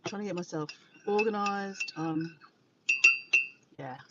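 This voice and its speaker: A woman's voice: medium pitch, slow. A tired Australian woman chatting casually from her car to live viewers, rambling, greeting them by name and correcting herself. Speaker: vlogger livestreaming to viewers. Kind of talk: casual chat to a live audience. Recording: dull lo-fi with faint background noise.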